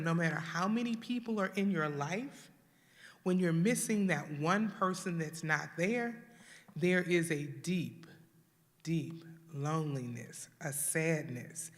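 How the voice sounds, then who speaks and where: Earnest woman teaching in a reverberant hall. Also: fairly low pitch. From Houston, Texas. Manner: earnest, acts out grieving voices. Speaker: grief workshop leader. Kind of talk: church workshop teaching. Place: church hall.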